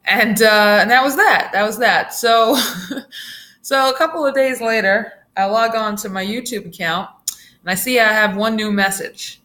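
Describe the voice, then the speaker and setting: Bright-voiced woman telling a story. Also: a little high, moderate pace. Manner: chatty, laughing, lively asides. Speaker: vlogger. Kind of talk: casual storytime.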